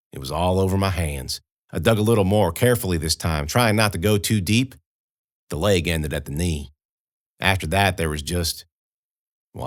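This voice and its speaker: Audiobook narrator: a man with a low-set voice, telling it folksy and conversational, dry close-miked read. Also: no room sound. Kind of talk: first-person audiobook narration.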